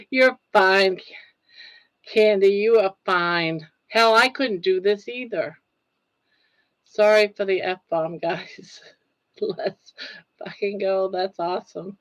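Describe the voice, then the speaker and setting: A woman's voice: medium pitch, fairly even intonation, slow pace, no echo, rough recording. An older woman hosting a casual livestream, chatting, reading viewer comments aloud, laughing often and sounding touched. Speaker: livestream host.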